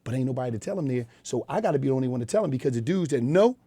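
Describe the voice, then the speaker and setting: Fast-talking Philadelphia man, blunt. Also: medium pitch, animated, mellow, husky, dry recording. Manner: blunt, profane street storytelling. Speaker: guest. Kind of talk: candid interview talk. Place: radio studio.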